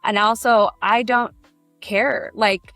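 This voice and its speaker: A middle-aged woman from Brazil, a burlesque performer, telling candid, animated stories in an interview and acting out the people she quotes. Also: fairly high pitch, slow pace, dry recording, faint music behind. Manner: animated, emotional storytelling with acted quotes.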